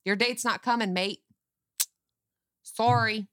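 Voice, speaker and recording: A woman chatting casually with friends in a blunt, animated way, swearing freely. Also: a little high, takes it slowly, dry recording, studio quality. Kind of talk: casual chat.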